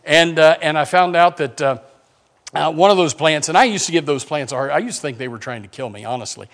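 A male pastor, speaking in a somewhat higher voice than most men. He preaches in a loose, conversational way, stumbling over restarts and dropping joking asides. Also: expressive, brisk. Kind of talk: sermon.

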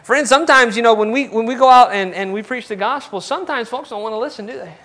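A man's voice: very high voice, fast, bright, forceful tone. A man preaching a folksy, conversational sermon full of rhetorical questions.

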